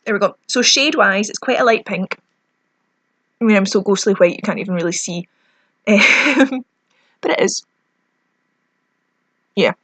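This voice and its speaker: A woman's voice: medium pitch, fairly bright tone, breathy edge, dry recording. A young Scottish woman ranting chattily through a lip product review, self-mocking as her lips sting. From Scotland. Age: young adult. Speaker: beauty vlogger.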